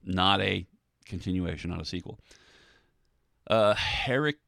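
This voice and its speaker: Male podcast host, deep with a gravelly edge, loose and rambling, dry sound. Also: unhurried, pushed and bright, dry recording. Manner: rambling, self-described nerd, many ums and restarts. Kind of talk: casual solo podcast commentary.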